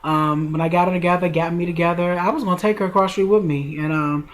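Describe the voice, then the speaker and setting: A woman's voice: on the low side, steady tone. Chatty woman in her forties confiding. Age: 40s. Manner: chatty, addresses viewers directly, drawn-out emotional retelling. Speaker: vlogger. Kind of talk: casual personal storytelling.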